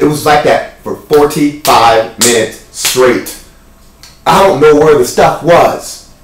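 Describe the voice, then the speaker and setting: A man giving an animated, jokey spoken account in a casual vlog. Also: medium pitch, echoey room, distant mic, slight background noise, low-quality recording. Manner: animated, chatty storytelling with jokes. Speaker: wellness vlogger.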